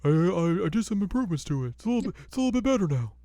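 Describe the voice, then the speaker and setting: A man putting on a high, doddering old swordsmith. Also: sing-song, very fast, dark tone, no echo, clean studio sound. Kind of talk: podcast impression.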